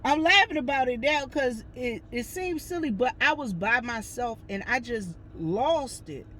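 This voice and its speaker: A woman's voice: fairly high pitch, measured pace. A woman telling a personal story in a casual, chatty way, talking straight to her viewers. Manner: chatty, addresses viewers as y'all, lively retelling. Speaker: vlogger.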